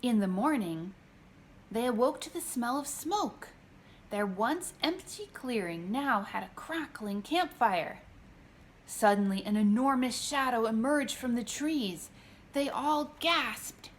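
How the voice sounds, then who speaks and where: Woman narrator, storybook read-aloud, lively unhurried telling, faint hiss. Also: fairly high pitch. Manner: expressive, gentle, unhurried. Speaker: picture book author reading aloud.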